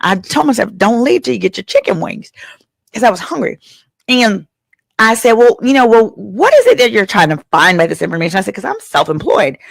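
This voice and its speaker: A woman's voice: medium pitch, big pitch swings, brisk, creaky, no room sound, clean studio sound. A woman in her thirties, an attorney hosting her show, telling a funny personal story at home and acting out the other people's lines. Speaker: attorney and host. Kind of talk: casual comedic storytelling. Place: at home, her father's house.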